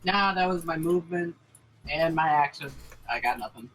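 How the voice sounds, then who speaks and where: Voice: medium pitch, normal speed, fairly bright tone, a little hiss or hum, poor audio. A player in a tabletop game, playful and upbeat, asking about rules and describing their moves. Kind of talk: casual tabletop play.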